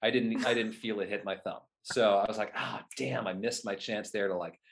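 Male guest, 30s, lower-pitched and lively, telling anecdotes in conversation. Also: moderate pace, creaky. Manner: animated, acts out his own past remarks. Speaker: guest, whip performer at renaissance fairs. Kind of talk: casual interview storytelling.

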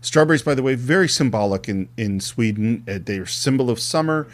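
A man's voice: mid-range voice, expressive, fairly quick. A man co-hosting a film podcast, retelling scenes and acting out bits of dialogue in casual discussion.

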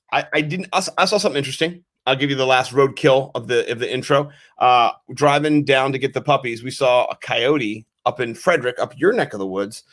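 A man in his thirties co-hosting a podcast, telling rambling, animated stories in casual chat with some swearing. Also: medium pitch. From Maryland, US. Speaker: podcast co-host.

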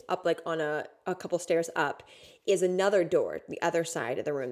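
Woman podcaster, low voice, casual and intense storytelling with fillers and curses. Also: darkish tone. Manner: casual, filler-heavy, swearing, intense retelling. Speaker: podcast host. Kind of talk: personal storytelling monologue.

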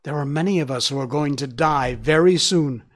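A man's voice: a little high, normal speed, natural voice. A man voicing a frightened young doe. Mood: fearful. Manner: fearful, resigned. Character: frightened young female deer.

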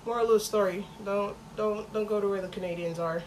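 A young woman co-hosting a podcast, swapping stories in loose, profane slang. Her pitch sits mid-range and she acts out what others said. A faint hum of noise sits under her voice. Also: a little fast. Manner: slangy, profane, animated retelling. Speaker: podcast co-host. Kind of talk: casual chat, storytelling.

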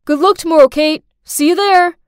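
A woman's voice: very high-pitched, normal speed, no room sound, studio quality, pitched above the performer's own voice. A woman voicing a laid-back, blunt teenage boy classmate in a storybook narration, with an offhand, breezy delivery. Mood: easygoing.

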